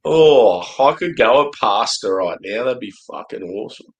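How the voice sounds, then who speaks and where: A man's voice: mid-range voice, lively intonation, moderate pace. A man in casual chat, laughing often and telling stories with crude words.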